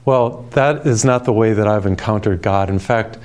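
A man preaching a televised sermon in a calm, gentle, soothing way, telling personal stories. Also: lowish voice, normal speed, smooth. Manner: storytelling with personal anecdotes.

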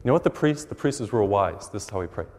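A middle-aged man, a priest, preaching a sermon with animated storytelling. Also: fairly low pitch, fast talker. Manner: animated storytelling with acted quotes. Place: large church. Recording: long church reverb.

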